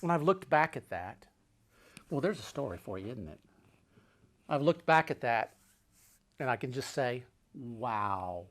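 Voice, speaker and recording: A man telling a personal travel story, dramatic and full of repeated phrases, swinging between loud urgency and hushed, low asides. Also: animated, moderate pace, long pauses.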